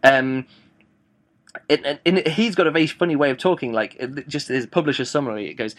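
A man's voice: mid-range voice, a little fast, fairly bright tone. Rambling man reviewing audiobooks. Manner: rambling, thinking aloud as he goes. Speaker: book reviewer.

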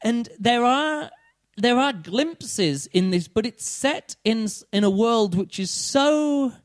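A man's voice: extremely high pitch, expressive, slow. A man talking casually as a podcast co-host. He rambles with lots of fillers and restarts, and keeps slipping into mocking quoted voices. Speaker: podcast co-host reviewing a book. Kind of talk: casual chat.

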